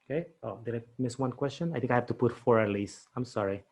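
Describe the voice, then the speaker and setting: Chatty man demonstrating quiz software. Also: mid-range voice, fast talker. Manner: chatty, frequent "okay?" and "right?" check-ins, thinks aloud. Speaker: teacher trainer. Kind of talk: screen-share training demo.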